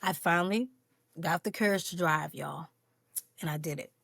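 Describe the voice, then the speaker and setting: A woman's voice: lowish voice, normal speed, gravelly, a bit bright, no echo. A woman hosting a personal mental health podcast, talking candidly and earnestly straight to her listeners. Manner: candid, openly emotional. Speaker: podcast host.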